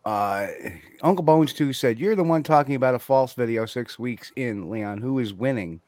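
Measured man hosting an online panel. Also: medium pitch, expressive, a little mellow, no echo.

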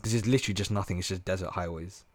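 A man telling travel stories on a podcast, animated and slangy, full of "bro" and "like". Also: deep voice, very fast. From England. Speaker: podcast host. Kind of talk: casual storytelling chat.

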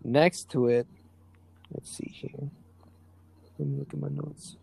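A man's voice: on the high side, steady tone, slow, creaky, warm tone, husky. A man narrating a tabletop role-playing game as game master, loose and rambling with many fillers.

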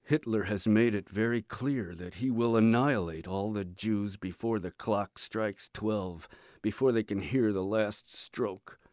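A man's voice: on the low side, a little slow, dry recording, studio quality, close to an everyday voice. A man doing a weary, despairing prisoner. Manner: weary, flat, hushed.

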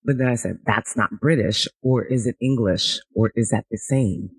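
A woman's voice: very deep voice, moderate pace, slightly rough. A woman in her thirties hosting a podcast in casual chat, playful and laughing, stuffy from a cold. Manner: playful, laughing, self-mocking. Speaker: podcast host.

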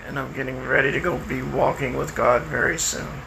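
An older man talking in a rambling, halting personal monologue, with many restarts and fillers. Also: medium pitch, creaky, background noise. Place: outdoors by a house, lawnmower nearby.

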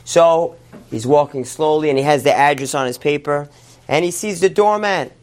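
Male rabbi, sermon storyteller, animated retelling. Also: fairly high pitch. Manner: animated retelling, quick asides.

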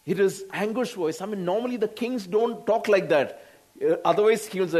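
A man with an Indian English accent preaching a sermon, slow, with frequent laughs and exclamations. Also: high-pitched, expressive, darkish tone.

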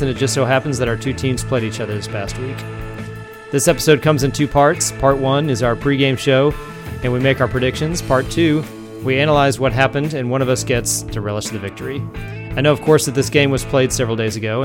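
A man from Milwaukee hosting a podcast, reading a measured introduction and then chatting with his guests. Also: mid-range voice. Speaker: podcast host.

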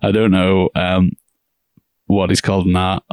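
A man's voice: low voice, monotone, measured pace, darkish tone, clean tone, dry recording, clean studio sound. A man co-hosting a podcast, chatting casually about a film, rambling and laughing, acting out lines. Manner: rambling, laughs often, acts out quotes. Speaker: podcast co-host. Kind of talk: casual movie chat.

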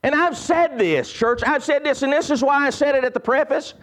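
A pastor delivers a sermon in a strikingly high voice for a man. He hammers key phrases again and again, leaping up in emphasis and then sinking low and soft. His delivery is fervent and insistent. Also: brisk. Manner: emphatic preaching with heavy repetition and sudden rises and drops in pitch.

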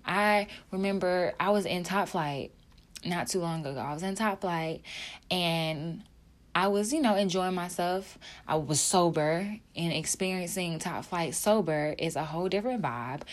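A young woman talking to her viewers about her faith, emotional and heartfelt, casual with many fillers and repeats. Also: on the low side. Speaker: video creator. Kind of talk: emotional personal faith talk to camera.

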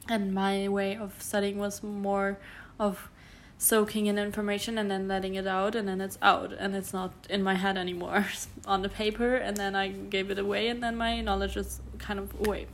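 A woman's voice: mid-range voice, flat delivery, moderate pace, few pauses, a little hiss or hum. A young German woman in her early twenties, a podcast host rambling casually in English with a German accent, full of fillers and self-corrections. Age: around 20. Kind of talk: casual solo podcast monologue.

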